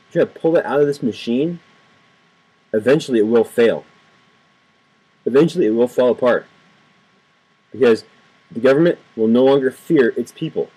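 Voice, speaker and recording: Filmed on a home webcam with low-quality audio, a political video blogger delivers an impassioned, indignant rant to camera. His voice is medium-pitched, mellow and husky, and he repeats phrases for emphasis.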